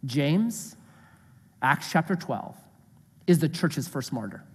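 Male pastor in his 30s, high and lively, slightly husky, conversational sermon in a reverberant church hall. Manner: conversational, animated storytelling with dramatic slow scripture reading. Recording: echoey hall with long reverb.

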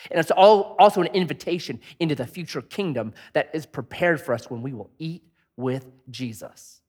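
A male pastor preaching a sermon in an animated, joking, conversational way. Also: mid-range voice, husky.

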